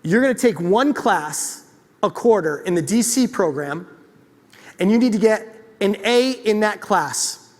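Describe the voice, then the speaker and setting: A kind, soft-spoken male mentor doctor, as a man quotes him, laying out firm rules at a slow, deliberate pace. The voice sits in a high register and rings out in a long-echo hall. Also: lively intonation. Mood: stern.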